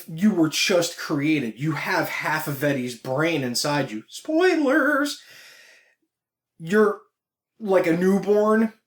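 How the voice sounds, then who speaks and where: Brief: man with a fairly high voice, blunt, profane, enthusiastic vlog review, echoey room. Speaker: vlogger reviewing a film. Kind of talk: casual opinionated review.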